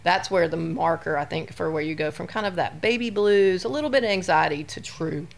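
Gravelly-voiced woman doctor, rambling talk. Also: lowish voice, brisk. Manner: rambling, storytelling with many "you know"s. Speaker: OB-GYN doctor. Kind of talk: casual podcast chat.

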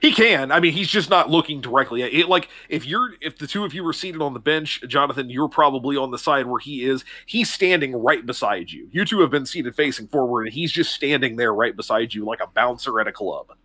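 A man running a tabletop game, setting the scene in a loose, casual way full of fillers. His voice is bright and sits in the middle range. The sound is dry and close. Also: mid-range voice, expressive, brisk, hardly any pauses, dry recording. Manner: casual, filler-heavy narration. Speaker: game master.

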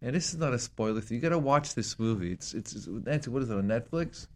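A man co-hosting a casual talk show, rambling and excitable, with many restarts and repeated words. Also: medium pitch, fast talker. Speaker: co-host.

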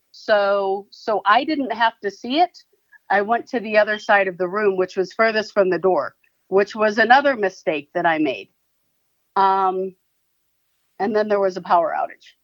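A woman guest on an interview, giving a halting, earnest personal account. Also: mid-range voice, dry recording, highs cut off. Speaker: guest, advocacy founder.

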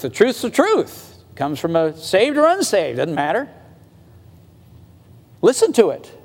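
A man preaching a sermon in a conversational way, slowing down to stress his points and rising in pitch when he gets emphatic. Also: big-room sound. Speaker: pastor.

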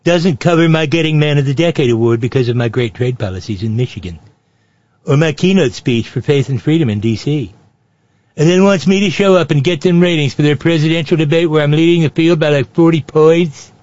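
A man's voice: a little high, expressive, moderate pace, no room sound, pitched above the performer's own voice. A man doing a bragging pompous politician. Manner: bragging, rambling. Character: boastful, self-pitying male politician. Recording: dry, dull lo-fi sound.

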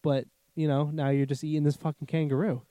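A man's voice: on the high side, little pitch movement, brisk, mellow, no room sound. A man in casual, profane chat who laughs a lot and slips into silly animal voices.

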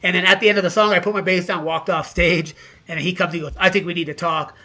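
A man's voice: sits high, fairly even intonation, fast, bright, forceful tone. A middle-aged man, a podcast guest, telling casual stories with lots of swearing and laughs between lines. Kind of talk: casual storytelling.

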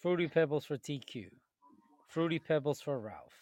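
A man's voice: fairly high pitch, expressive, moderate pace, darkish tone, dry recording. A man hosting a casual group voice chat, running a cereal tournament with a teasing, chatty manner and frequent laughter, speaking into a headset on a call.

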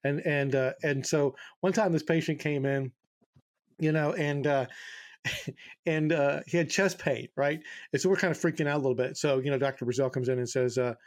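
A middle-aged man co-hosting a podcast, telling rambling, profane stories in a lively way with lots of fillers. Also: a little high, normal speed. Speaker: podcast co-host. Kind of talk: casual storytelling chat.

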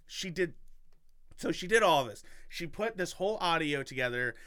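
A man's voice: fairly high pitch, lively intonation, normal speed, fairly bright tone, clear, resonant tone, dry recording. A man hosting a podcast in casual chat, rambling, self-mocking and enthusiastic. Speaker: podcast host.

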